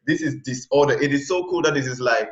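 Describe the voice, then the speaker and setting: A man from Cameroon, a guest in a casual interview, talking in an animated way with many fillers and restarts. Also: mid-range voice, quick pace. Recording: roomy, dull lo-fi sound.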